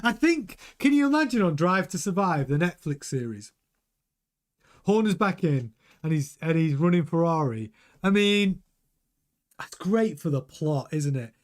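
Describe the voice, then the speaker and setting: Slightly high and a little slow, this middle-aged man's voice carries a relaxed, lively live-stream chat session. He keeps restarting sentences and repeating words as he reads comments aloud.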